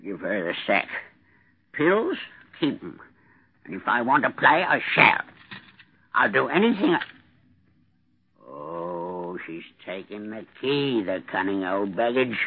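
An actor in a vintage radio drama playing a stubborn, grumbling rich man of ninety-three, with a husky voice. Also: on the low side, big pitch swings, slow, long pauses, full character voice. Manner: cantankerous, grumbling. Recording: tinny old radio broadcast.

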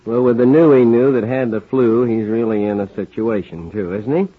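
A man's voice: mid-range voice, steady tone, moderate pace, hardly any pauses, slightly rough. A man hosting a radio record show, reading listener requests and ad copy in an easygoing, rambling way. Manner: easygoing, rambling, talks in circles. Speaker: radio disc jockey. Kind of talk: folksy radio announcing. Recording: dull lo-fi 1940s radio recording.

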